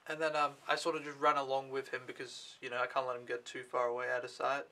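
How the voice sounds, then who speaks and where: A man's voice: mid-range voice, monotone, fast, pushed and bright, a little hiss or hum. A young man telling his day in a casual vlog, rambling and offhand, swearing freely. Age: young adult. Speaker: au pair vlogger.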